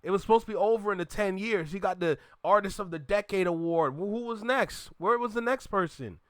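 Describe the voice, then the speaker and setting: A man hosts a reaction video and lectures with emphatic, preachy energy. His voice sits fairly high for a man. The sound is dry and close, with little room echo. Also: brisk, a bit bright. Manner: emphatic, preachy, addresses listeners as y'all. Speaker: reaction channel host. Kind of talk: reaction commentary.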